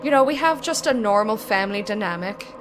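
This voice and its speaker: A woman's voice: mid-range voice, expressive, brisk, noisy background. A woman casually commenting on a game as she plays, in a playful, sweary way. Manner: playful, sweary, laughs often. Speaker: gameplay streamer. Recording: voice over game music.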